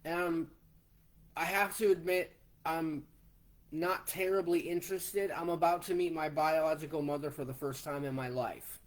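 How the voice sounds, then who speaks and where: A man in his forties, slowly telling a personal story in a plain way, step by step. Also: a little high, steady tone. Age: 40s. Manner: slow, plainspoken, retelling step by step. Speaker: vlogger.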